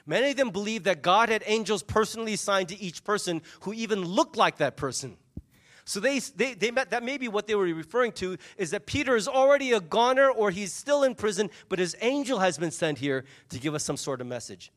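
A man preaching a sermon, telling the story with lively energy and acting out the voices of its people. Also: sits high, a little fast. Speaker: pastor.

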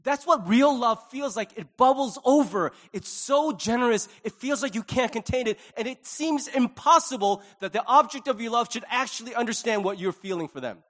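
Male pastor, high-pitched, earnest sermon delivery with big quiet-to-loud swings. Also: expressive, normal speed, hardly any pauses.

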